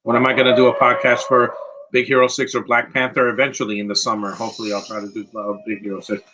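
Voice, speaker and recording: A man's voice: mid-range voice, flat delivery, fast talker, sharp tone, muffled recording, a little hiss or hum. A man giving a casual, rambling live commentary on a film, emotional and close to tears. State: teary, close to crying. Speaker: movie commentator.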